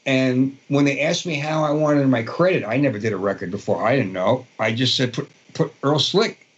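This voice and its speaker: A Brooklyn-accented guest guitarist in his sixties, from Brooklyn, New York, recounts rambling stories in a casual interview, stumbling through fillers and restarts. He has a mid-range, slightly rough voice and talks a little fast. The audio sounds dull.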